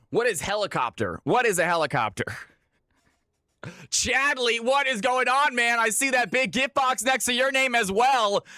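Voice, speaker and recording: A man's voice: extremely high pitch, animated, moderate pace, sharp tone, no room sound, clean studio sound. A man from Georgia in the US, hosting a live stream and calling custom games with a hyped announcer delivery. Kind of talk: live game commentary.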